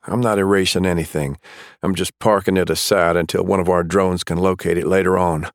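A man's voice: deep voice, steady tone, fairly quick, dry recording. A man voicing a tough police officer who gives curt, dry commands. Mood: stern. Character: tough male police officer, calm and blunt.

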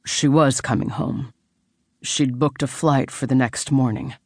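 A woman narrator voicing a guarded tattooed man with a low, gravelly voice in an audiobook. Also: steady tone, measured pace, no room sound, studio quality, exaggerated voice. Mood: earnest.

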